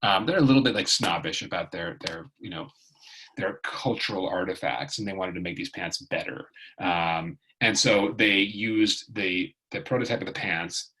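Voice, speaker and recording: A man's voice: low voice, moderate pace, bright, forceful tone, husky, rough recording. A man tutoring in a casual, rambling video lesson, chatty and full of fillers and restarts.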